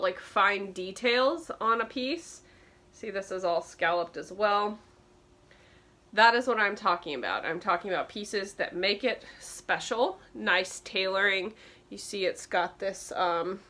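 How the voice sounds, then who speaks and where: A woman's voice: mid-range voice, bright, forceful tone. A woman vintage clothing reseller giving a chatty show-and-tell tutorial, explaining details with frequent ums.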